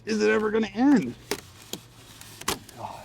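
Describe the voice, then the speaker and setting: Against a noisy background, a man vlogs from his RV in a high-pitched, creaky, very animated voice, speaking a little slowly. He chats and grumbles to himself and viewers into a handheld mic while working, folksy and informal throughout.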